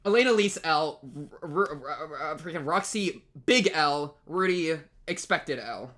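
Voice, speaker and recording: A young man hosting an anime reaction video, ranting in an exasperated, rambling way, with many restarts and sudden leaps up in pitch. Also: animated, unhurried, a bit bright. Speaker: anime reaction channel host. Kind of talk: animated reaction commentary.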